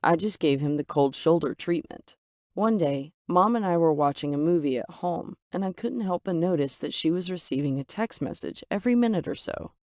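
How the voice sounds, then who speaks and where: A woman's voice: fairly low pitch, animated, normal speed, a little mellow, no echo, studio quality. A woman telling a first-person story in a dramatic, emphatic way. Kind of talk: scripted first-person narration.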